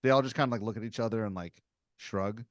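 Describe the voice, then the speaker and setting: A man's voice: fairly low pitch, quick pace, dry recording, studio quality. A man narrating an improvised comedy story as game master, laid-back and full of fillers.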